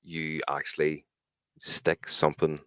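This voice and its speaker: A man's voice: very deep voice, flat delivery, measured pace, fairly bright tone, clean tone, no echo. A man co-hosting a podcast, chatting casually and joking with sweary banter. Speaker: podcast co-host, music producer. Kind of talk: casual chat.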